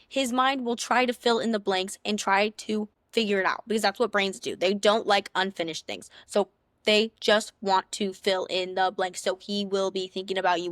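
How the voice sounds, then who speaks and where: A woman's voice: medium pitch, fairly bright tone, dry recording, clean studio sound. A young woman who hosts a podcast, giving sassy, playful dating advice in a casual big-sister tone. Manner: chatty, sassy, playful big-sister tone, acts out little scenes in other voices. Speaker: podcast host.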